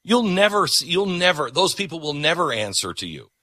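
A man's voice: a little high, big pitch swings, fairly quick, sharp tone, dry recording, clean studio sound. A man hosting a talk show, delivering an opinionated, emphatic monologue that repeats words for punch.

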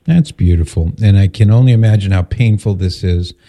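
Calm, low-voiced male radio host. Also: a little fast. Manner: calm, steering, asks summarizing questions. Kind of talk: advice call-in radio talk.

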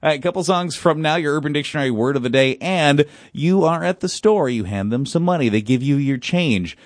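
A man's voice: a little high, a little fast, no room sound, clean studio sound. A male radio host chatting and joking with his co-host and callers. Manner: joking, animated. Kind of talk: casual chat.

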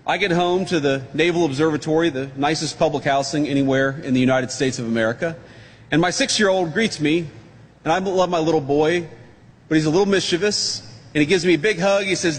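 A man's voice: a little high, a little fast, breathy edge. Wry male speaker in a reverberant hall. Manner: wry storytelling, relaxed jokes. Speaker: politician giving a speech. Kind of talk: anecdotal public speech.

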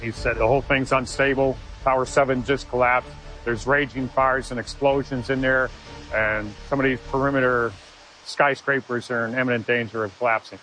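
A man's voice: medium pitch, steady tone, moderate pace, bright, forceful tone, faint music behind, rough recording. Earnest man recounting a rescue. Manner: earnest storytelling with restarts. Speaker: interviewee, former Marine. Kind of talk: personal recollection interview.

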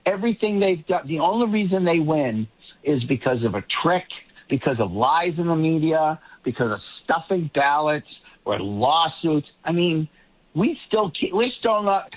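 Husky man over a tinny phone line. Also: a little high, big pitch swings, normal speed. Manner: rambling, restarts often. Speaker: political commentator guest. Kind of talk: talk show commentary.

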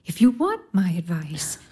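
A woman playing a gentle, consoling elder sister who speaks in a soothing, tender way. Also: fairly low pitch, huge pitch swings, a little slow, husky, exaggerated voice. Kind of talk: stage drama acting.

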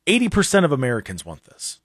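A man's voice: on the high side, huge pitch swings, no echo, clean studio sound. Chatty male talk radio host. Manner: chatty, halting, starts sentences over. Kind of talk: casual talk show banter. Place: radio studio. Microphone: studio microphone.

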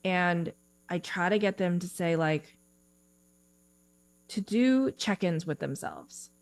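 Casting note: a woman career coach, chatty and warm-paced, low-ish voice, very dry close sound. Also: slow, dry recording. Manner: chatty, animated, frequent "like" fillers. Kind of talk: podcast interview. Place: home office, remote call.

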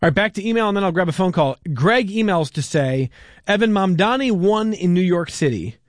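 A man's voice: high-pitched, expressive, fairly quick, no room sound. Dry-sounding man hosting radio. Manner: conversational, reads out listener emails. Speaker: radio talk show host. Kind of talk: radio call-in interview.

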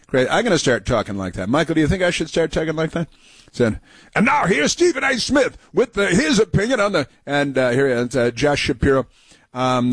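A man hosting a talk radio show, sarcastic and mocking, talking in halting bursts with many fillers and restarts. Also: medium pitch, no room sound. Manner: sarcastic, mocking, interjects over clips. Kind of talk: opinionated talk radio commentary.

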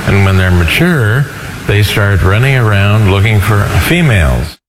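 Low-voiced man curator, roomy clip. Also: animated, measured pace. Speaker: museum curator. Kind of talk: explaining in an interview clip. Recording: roomy clip with background noise.

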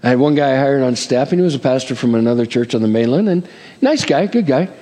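A man's voice: medium pitch, expressive, quick pace, mellow. A middle-aged man preaching a sermon as pastor, with rising emphasis, asides and call-and-response amens. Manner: jokes and acts out quoted voices. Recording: long hall reverb.

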